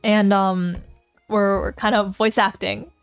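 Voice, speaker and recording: A woman's voice: mid-range voice, little pitch movement, slow pace, vocal fry, clean tone, no room sound, soft background music. A woman streamer reading a dating game aloud in a playful, casual way, chatting with her viewers between lines. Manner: playful, laughs often, reads game text aloud.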